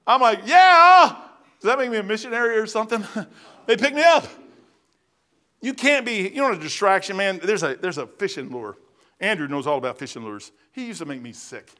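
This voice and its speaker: A man's voice: sits high, animated, fast, sharp tone. A man preaching a sermon in a church as its pastor, telling stories in a folksy, plain-spoken way with bursts of emphasis. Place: church sanctuary.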